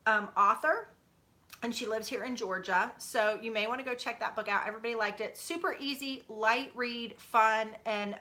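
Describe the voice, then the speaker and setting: A woman's voice: medium pitch, bright, forceful tone. A woman in her thirties chatting casually with viewers at home, rambling with many fillers. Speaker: YouTuber. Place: home, sitting on a bed.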